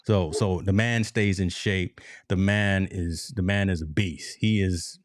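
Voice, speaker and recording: A man's voice: low voice, steady tone, measured pace, no room sound, clean studio sound. A man co-hosting a casual sports talk show, telling stories animatedly and addressing the listeners as folks. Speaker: podcast co-host.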